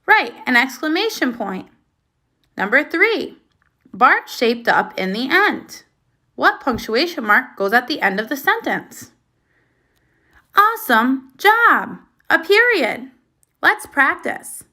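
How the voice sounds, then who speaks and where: A woman teacher giving a recorded reading lesson for young children, slow, clear and encouraging, with lively praise. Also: high-pitched.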